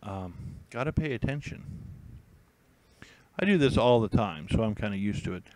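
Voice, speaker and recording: A man's voice: fairly low pitch, lively intonation, moderate pace, darkish tone, no echo, rough recording. A man hosting a casual live stream, rambling and thinking aloud with many fillers and restarts while he browses listings. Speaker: YouTube host.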